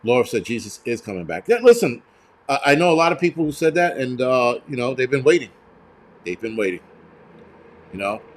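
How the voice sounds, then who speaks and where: A man's voice: mid-range voice, very animated, fairly quick, pauses often. A man hosting a live stream, ranting bluntly and profanely with many fillers while answering viewers in the chat. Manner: reads out viewer donations and chat. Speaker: livestream host.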